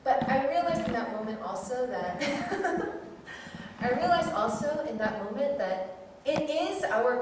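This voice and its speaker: A woman's voice: on the high side, noisy background. A woman who teaches, giving a candid, self-deprecating personal testimony as a sermon. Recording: very echoey hall, mic far off.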